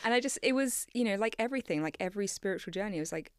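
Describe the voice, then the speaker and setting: Talking rapid-fire with few pauses, a woman chats casually and animatedly in a mid-range voice, rambling and often correcting herself mid-sentence. She is recorded on a studio microphone in a small studio with no room sound.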